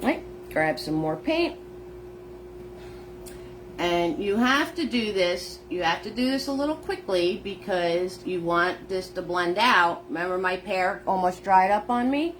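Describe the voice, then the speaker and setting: Slow, chatty woman teaching painting. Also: mid-range voice, expressive, slight background noise. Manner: chatty, step-by-step narration, greets viewers by name. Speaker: painting instructor. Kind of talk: live-streamed painting lesson. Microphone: phone.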